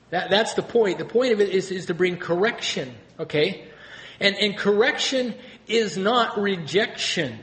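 A man's voice: sits high, fairly bright tone, reverberant. A man preaching a sermon as pastor, talking in a conversational way and often asking the congregation questions.

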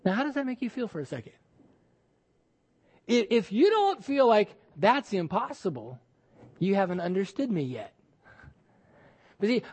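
A male pastor preaching a sermon with emphatic delivery, repeating words and acting out quoted voices. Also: high-pitched.

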